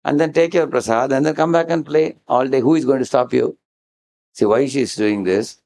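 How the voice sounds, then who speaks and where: A man's voice: medium pitch, brisk, gravelly. A man giving a devotional lecture, acting out characters' lines and often asking the audience "huh?". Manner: animated storyteller, acting out dialogue and chanting verses; frequent questioning "huh?" to the audience. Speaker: devotional speaker.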